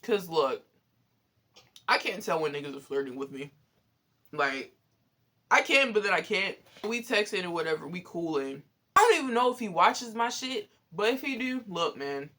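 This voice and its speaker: A young man telling a story in a casual, animated, profane way, exasperated and often laughing. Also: high-pitched, normal speed, long pauses. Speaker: vlogger.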